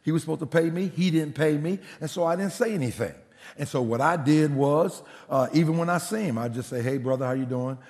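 A man preaching a sermon as a pastor, telling a story in an animated way and acting out the people he quotes. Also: fairly high pitch, a little fast. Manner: animated, acts out quotes, laughs. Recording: long hall reverb.

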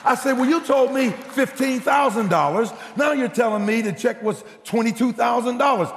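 A male pastor telling a story in a sermon, acting out the voices in the dialogue with big swings in pitch. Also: moderate pace, creaky, big-room sound, a faint crowd, a little hiss or hum.

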